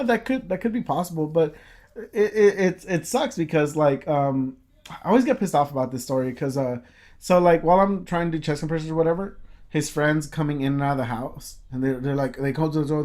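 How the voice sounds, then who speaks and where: A man's voice: on the high side, animated, brisk, a little mellow. A man co-hosting a casual podcast, telling a long story with many fillers, restarts and swear words. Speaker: podcast co-host.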